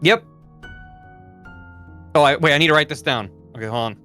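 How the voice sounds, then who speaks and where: A man playing a tabletop game, speaking lively and often in character. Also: fairly high pitch, normal speed, soft background music. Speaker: player.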